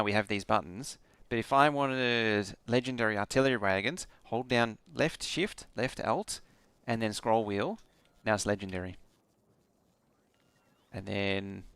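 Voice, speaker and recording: Gravelly, sleepy male streamer. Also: lowish voice, a bit bright, no room sound. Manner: rambling, with frequent ums. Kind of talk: casual gameplay stream commentary.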